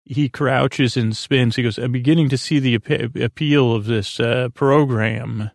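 A man hosting a podcast, retelling an episode's scenes in a halting, rambling way with many fillers and restarts. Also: mid-range voice, gravelly, no echo, clean studio sound. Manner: quick flat retelling of scenes and lines. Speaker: podcast host recapping an episode.

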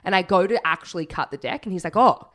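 A woman telling a story in casual chat, animated and laughing, swearing freely. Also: on the low side, fast.

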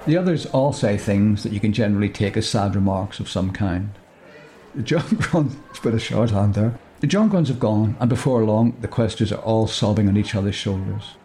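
A man's voice: on the low side, moderate pace, dark tone, a little hiss or hum. Chuckling man telling a comic story. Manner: chuckling, breaks off to joke and correct himself. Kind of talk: comic improvised story narration.

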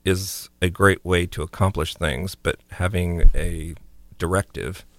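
A man co-hosting a radio talk show, speaking in a measured way as he thinks aloud. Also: sits low, fairly even intonation, a bit bright, dry recording. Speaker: radio co-host.

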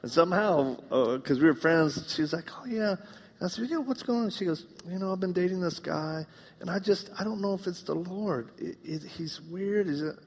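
Southern male preacher, gravelly voice, comic storyteller; long hall reverb. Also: high voice, normal speed. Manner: humorous storytelling, acts out dialogue. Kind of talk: live sermon. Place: church.

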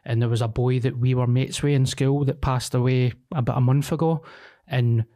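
A man's voice: mid-range voice, steady tone, moderate pace, warm tone. A man in his thirties with a Scottish accent, telling personal stories frankly and with plenty of swearing in casual podcast chat. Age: 30s.

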